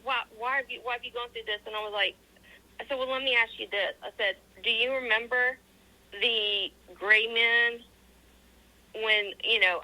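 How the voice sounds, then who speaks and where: A woman with a very bright, sharp voice answers interview questions. She tells her story earnestly, with many ums, and acts out the quoted back-and-forth of a conversation. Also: medium pitch, poor audio. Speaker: interview guest.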